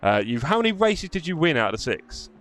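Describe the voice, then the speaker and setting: A man's voice: on the high side, very animated, brisk, a bit bright. A man hosting a live sim racing stream, chatting and congratulating drivers after the race. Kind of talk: live race commentary and chat. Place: home sim racing setup.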